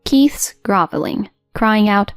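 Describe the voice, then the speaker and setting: A woman narrating her own story in a cool, steady, matter-of-fact manner at a middle pitch. The voice-over is dry and close. Soft music plays underneath. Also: slow, clean tone, no room sound. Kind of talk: first-person story narration.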